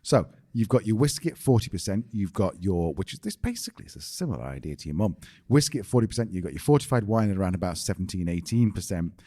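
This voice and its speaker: A man's voice: low voice, very animated, fast, mellow. A British man co-hosting a podcast in casual chat, explaining things with dry jokes. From Britain. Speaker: podcast co-host.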